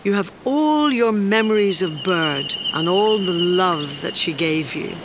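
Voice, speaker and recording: A storybook narrator voicing a kind fish who speaks in a calm, reassuring way in a noisy recording. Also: mid-range voice, normal speed, lightly acted.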